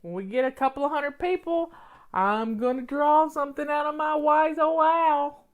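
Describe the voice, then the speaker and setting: A woman's voice: sits high, normal speed, narrow, tinny audio. An older woman with a Southern American accent, hosting a casual, folksy live chat in a chatty, rambling way. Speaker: host.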